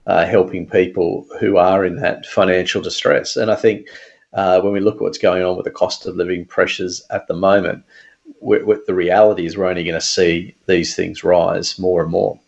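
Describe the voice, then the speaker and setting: A man's voice: low voice, flat delivery, normal speed, creaky, a little mellow, dull audio. A man appearing as a financial advisor guest on a radio interview, explaining things earnestly with some fillers and restarts.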